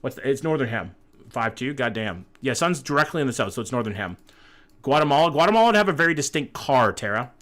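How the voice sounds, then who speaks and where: A laid-back male streamer talks through his guesses and reads chat messages out loud. His speech is loose and joking, peppered with swearing, and now and then he breaks into hyped-up shouting. His pitch sits at an ordinary middle height. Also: fast. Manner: bursts of excited hype between calmer musing. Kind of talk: casual live-stream chat while playing a map-guessing game.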